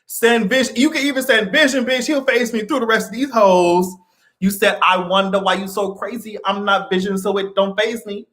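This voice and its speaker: Profane, high-voiced man ranting. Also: normal speed. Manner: profane, animated ranting with frequent laughter. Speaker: livestream host. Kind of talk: pop-culture commentary livestream.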